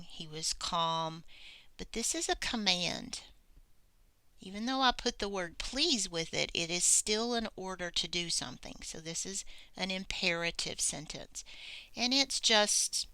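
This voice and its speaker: A woman teaching a grammar lesson, explaining slowly and deliberately and acting out example sentences. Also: lowish voice, sharp tone, clean tone, no room sound.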